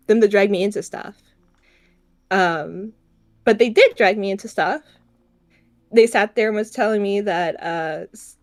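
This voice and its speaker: A woman co-hosting a podcast, telling a story in casual chat, often laughing, swearing and restarting her sentences. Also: mid-range voice. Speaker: podcast co-host.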